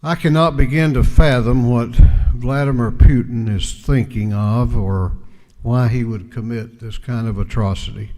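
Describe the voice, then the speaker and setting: Slow, deliberate man in a large chamber. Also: mid-range voice, mellow. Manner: slow, deliberate oratory with pauses. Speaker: speaker of the house presenting a resolution. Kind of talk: formal floor speech. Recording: chamber reverb.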